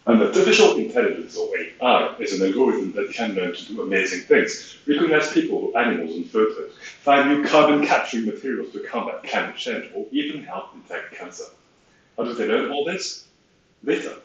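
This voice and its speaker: A man's voice: medium pitch, sing-song, a little fast. A man from Switzerland, a science competition finalist, giving a rehearsed talk in a dramatic, playful way. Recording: distant, echoey and muffled.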